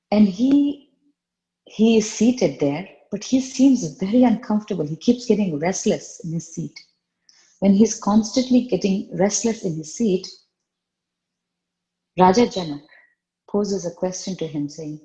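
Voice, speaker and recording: A woman's voice: fairly low pitch, mellow, reverberant, lo-fi sound. A woman retelling a spiritual story in a conversational way, often repeating phrases for emphasis.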